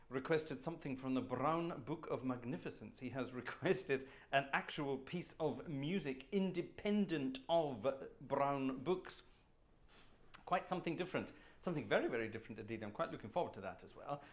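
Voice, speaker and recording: Bloke at home running an organ request livestream, chatty and a bit theatrical, mid-pitched voice. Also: male voice. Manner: chatty, genteel, slightly theatrical presenter. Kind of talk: casual live-stream chat. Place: warm room at home with an organ.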